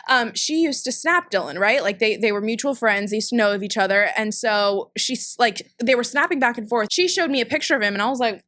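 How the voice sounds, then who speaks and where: A young woman from Peru, a podcast guest, telling a story in casual chat, animated and swearing freely as she acts out what she said back then. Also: a little high. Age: young adult. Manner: animated, swears freely, acts out her own past lines.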